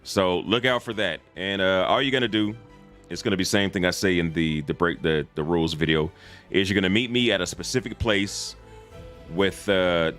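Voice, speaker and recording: A man with a very low voice chats casually on a live stream, loose and slangy and quick to chuckle. Faint music plays softly behind him. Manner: laid-back and slangy, chuckles often. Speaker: streamer reacting to game videos.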